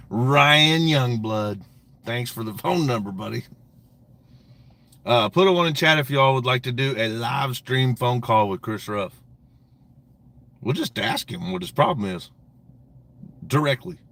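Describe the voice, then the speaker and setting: A man's voice: mid-range voice, fairly bright tone. A man hosting a casual livestream, talking to his chat in a profane, mocking way and laughing often. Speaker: livestream host.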